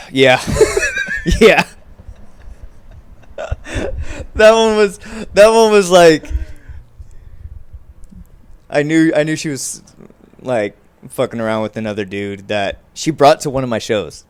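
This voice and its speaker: A man's voice: fairly high pitch, slow pace, pauses often, clear, resonant tone. A man co-hosting a podcast, telling stories in casual chat in a laid-back, self-deprecating way and laughing often. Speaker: podcast co-host.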